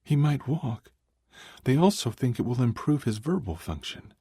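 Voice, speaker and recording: A man's voice: medium pitch, big pitch swings, normal speed, dark tone, husky, no room sound, studio quality, voice pushed up. A man voicing a tired, worried woman who speaks with a wobbly voice in an audiobook. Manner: wobbly, weary. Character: tired worried woman, his old friend.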